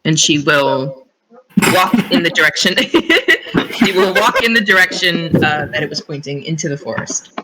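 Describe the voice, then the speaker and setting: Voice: mid-range voice, animated, moderate pace, a crowd in the background, poor audio. A player in a tabletop game, chatting casually and narrating what her character does. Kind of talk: casual tabletop role-play.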